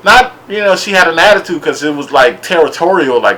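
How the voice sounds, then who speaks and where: A man casually recapping and reviewing a TV episode, animated and laughing as he acts out what people said. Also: on the high side, a little fast, hardly any pauses, a little hiss or hum, low-quality recording. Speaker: show reviewer.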